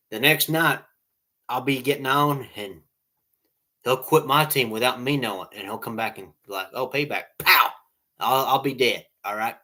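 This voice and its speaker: This man's voice sits mid-range with a sharp tone. Chatting with friends online, he spins meandering stories and jokes, frequently tacking on "all right?" and chuckling at what he's just told.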